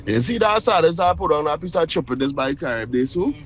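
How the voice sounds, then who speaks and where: A man's voice: a little high, expressive, a little fast. A man calling in to a radio show, folksy and full of proverbs. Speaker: caller.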